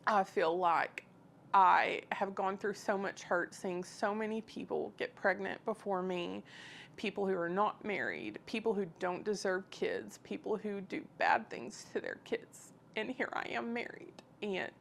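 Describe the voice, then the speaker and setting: A woman's voice: mid-range voice, unhurried, vocal fry, fairly bright tone, slight background noise. A woman telling her personal faith story in an earnest, emotional, conversational way. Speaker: guest sharing her testimony.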